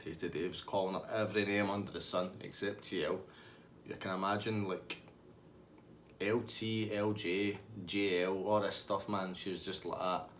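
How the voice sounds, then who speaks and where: A man's voice: low voice, fairly even intonation, moderate pace, a bit bright, a little hiss or hum. A man with a Scottish accent telling a comic anecdote in a rambling, laughing way. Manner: rambling, laughing through the story. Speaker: storyteller.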